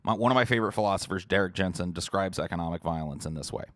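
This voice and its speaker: Ranting, profane low-voiced man. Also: racing, a bit bright, no echo. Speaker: podcast host. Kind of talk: livestream rant answering chat.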